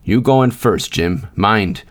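A man's voice: on the low side, takes it slowly. A man voicing a fussy, fretful old white-bearded mine manager who snaps out orders. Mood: bossy. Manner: snappish, fretful muttering.

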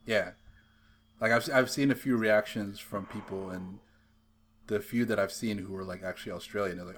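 A man's voice: fairly low pitch, steady tone, moderate pace, a little hiss or hum. A man co-hosting a casual chat, mostly chiming in with short remarks and questions. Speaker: podcast co-host.

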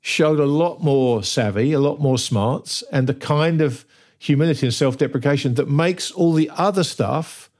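A man's voice: fairly high pitch, normal speed, a little mellow. A man co-hosting a casual talk show, emphatic and arguing his points step by step, often checking in with "right?". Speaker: podcast co-host. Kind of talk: casual chat.

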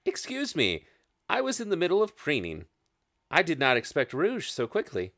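A man's voice: fairly high pitch, wildly swooping pitch, moderate pace, a bit bright, pitched above the performer's own voice, heavily acted. A man voicing a small, polite female owl-bear creature who works as an engineer and hoots as she talks. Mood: chirpy welcome. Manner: polite, eager and hooting.

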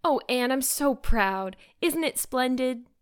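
A woman voicing an excitable teenage schoolgirl in a storybook reading, gushing and bright. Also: medium pitch, quick pace, close to an everyday voice. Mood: excited.

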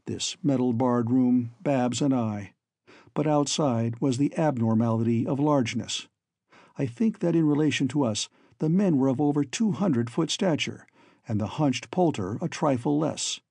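A man narrating a story in the first person as an audiobook reader, in a measured, steady storytelling manner. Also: medium pitch, creaky, no echo.

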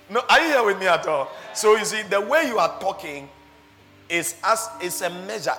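Animated preaching man in a reverberant hall. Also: fairly high pitch. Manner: animated preaching with laughs and rhetorical questions. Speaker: pastor. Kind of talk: sermon.

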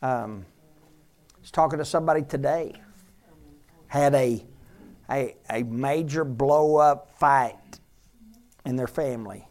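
A man's voice: medium pitch, a little slow, pauses often, darkish tone. A man, a pastor, preaching a sermon in a conversational way and repeating key phrases for emphasis.

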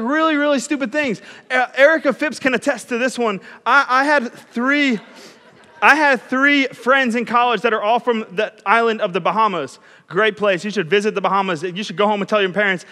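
A young man gives a chatty, self-deprecating sermon as a youth pastor, telling stories along the way. His voice sits high and bright. The sound echoes through a large hall. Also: fairly quick.

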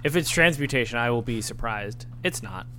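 A man playing a tabletop role-playing game, chatting casually and asking animated rules questions. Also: medium pitch, faint music behind. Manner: animated, quick questions and laughs.

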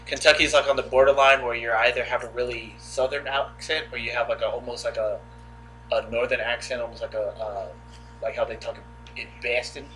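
A man's voice: medium pitch, steady tone, fairly quick, pushed and bright, slight background noise, low-quality recording. A man co-hosting a casual podcast chat, joking and laughing often. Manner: joking, laughs often, does mock voices. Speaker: podcast co-host.

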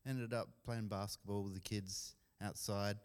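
A man's voice: on the low side, unhurried, smooth. A man casually telling a story to a church, chatty, with lots of ums and laughs. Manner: chatty, laughing, many ums, lively quoted voices. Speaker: church member sharing a story. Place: church hall. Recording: long church reverb.

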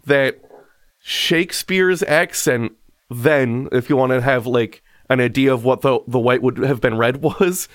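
A man's voice: medium pitch, measured pace, no room sound, clean studio sound. A man co-hosting a podcast, chatting casually and telling stories with lots of laughter. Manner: animated, laughing storyteller. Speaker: podcast co-host. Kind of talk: casual chat.

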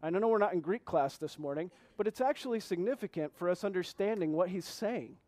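A man preaching as pastor, reading scripture slowly and asking the congregation earnest questions. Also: sits high, animated, a little mellow, no echo. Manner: reads scripture slowly, repeating key phrases. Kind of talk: sermon.

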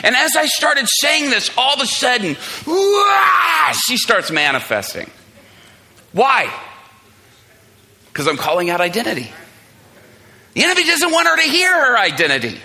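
Man, preacher, storytelling sermon, high voice, very lively pitch. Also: normal speed, long pauses. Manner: animated, acts out voices in his story.

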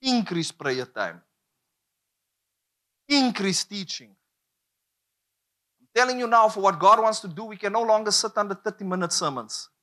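A man's voice: sits high, normal speed, long pauses, sharp tone. A man preaching a sermon, emphatic and repetitive, drawing call-and-response from the congregation.

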